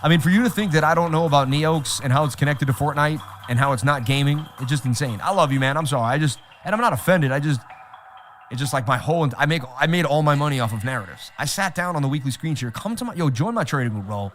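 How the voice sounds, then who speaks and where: A man hosting a live trading stream, talking straight to his chat in an animated, repetitive way. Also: on the high side, quick pace, soft background music. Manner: animated, repeats himself, talks straight to chat. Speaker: livestream host. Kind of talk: casual livestream chat.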